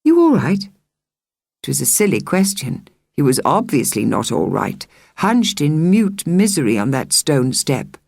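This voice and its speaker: A woman reading a children's novel aloud as an audiobook narrator, measured and expressive. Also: a bass voice, vocal fry, dry recording, clean studio sound. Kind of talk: scripted narration.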